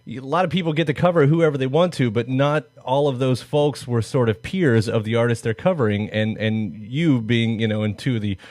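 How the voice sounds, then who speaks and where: A man's voice: mid-range voice, fairly quick, hardly any pauses, darkish tone, dry recording, clean studio sound. A man hosting an interview, asking long, meandering questions with many restarts. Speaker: interview host. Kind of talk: casual interview.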